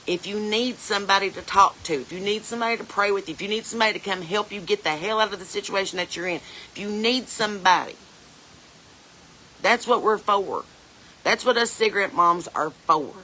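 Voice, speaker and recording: A woman's voice: mid-range voice, pushed and bright. A woman playing a blunt, chain-smoking porch mom, talking in a folksy, earnest, rambling way. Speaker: comedian in character. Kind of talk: comedic character monologue.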